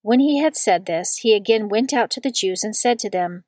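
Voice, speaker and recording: Woman reading scripture, dry and steady. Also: mid-range voice, normal speed, hardly any pauses, dry recording.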